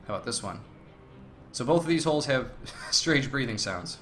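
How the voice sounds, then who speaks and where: A man hosting a let's play, reading game text aloud between relaxed, casual remarks. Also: mid-range voice, normal speed, slight background noise. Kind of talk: casual gameplay commentary.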